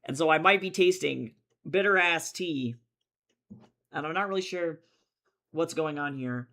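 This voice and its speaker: A man streaming while he draws comics, chatting casually and rambling, swinging between loud excitement and low mumbling. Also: measured pace. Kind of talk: casual livestream chat while drawing.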